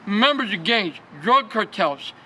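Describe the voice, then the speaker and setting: A man from Schenectady, New York, giving an agitated, repetitive rant in a street interview at city hall, sometimes rising to shouts. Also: high-pitched, lively intonation, unhurried, a little hiss or hum.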